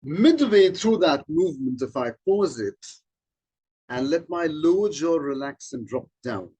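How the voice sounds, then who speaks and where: Male coach, breathy and husky, unhurried delivery, demonstrates sounds as he explains. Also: fairly high pitch, sing-song, warm tone, low-quality recording. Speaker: accent trainer. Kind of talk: informal spoken explanation.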